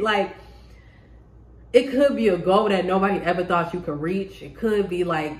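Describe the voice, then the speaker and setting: A woman giving a casual tarot reading to the camera, excitable, laughing often and swearing freely. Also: lowish voice, normal speed. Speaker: tarot reader. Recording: roomy echo.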